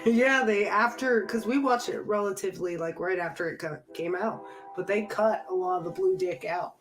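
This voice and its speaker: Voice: mid-range voice, normal speed, music in the background. A podcast co-host chatting casually, with laid-back, laughing asides. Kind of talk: casual comedic chat.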